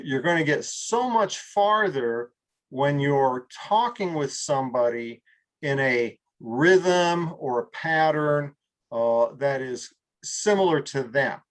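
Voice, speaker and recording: Rambling man leading a group call. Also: medium pitch. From California. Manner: rambling, many fillers and restarts, acts out slow drawled examples. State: a little tired. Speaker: group mastermind leader. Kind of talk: casual coaching talk on a group call.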